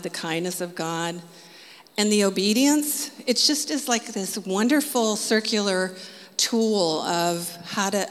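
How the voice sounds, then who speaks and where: A woman giving a personal faith testimony as she tells a story, animated and laughing often. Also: fairly low pitch, big-room sound. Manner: animated, laughs often, quotes Jesus and others in her telling. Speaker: testimony speaker.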